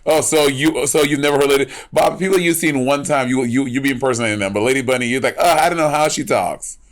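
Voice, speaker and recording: A man's voice: mid-range voice, fast talker. A man co-hosting a podcast, bantering in a brash, profane way. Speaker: podcast co-host. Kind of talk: casual chat.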